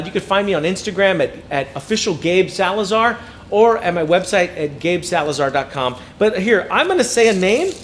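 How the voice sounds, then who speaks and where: A man's voice: sits high, slight background noise. A man in his thirties telling personal stories as a motivational speaker to educators, acting out quotes and often repeating words. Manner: animated storyteller, acts out quotes, repeats words. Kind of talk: storytelling keynote speech.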